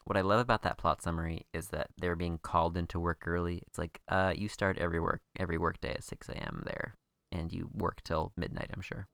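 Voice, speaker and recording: A man's voice: low voice, fairly even intonation, fairly quick, gravelly, fairly bright tone, no room sound. A man in his thirties co-hosting a podcast, chatting casually in a playful, joking way. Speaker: podcast co-host. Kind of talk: casual chat.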